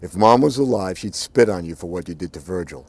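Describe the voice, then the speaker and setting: A man voicing a cold, calm outlaw who speaks quietly and with contempt in an audiobook. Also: sits low, brisk. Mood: contemptuous. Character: cold, menacing adult male outlaw. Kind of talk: audiobook narration.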